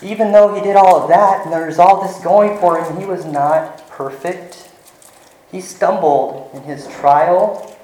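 A male pastor preaching a sermon in an earnest way, slowing down and dropping to a soft voice to stress his points. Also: high voice, steady tone. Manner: earnest, varies volume, slows for emphasis. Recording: echoey room.

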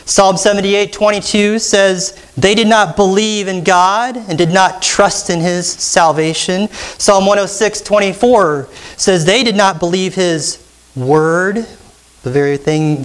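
A man's voice: sits high, fairly even intonation, a little slow, smooth. A pastor preaching an expository sermon, emphatic and teacherly, asking the congregation questions as he goes.

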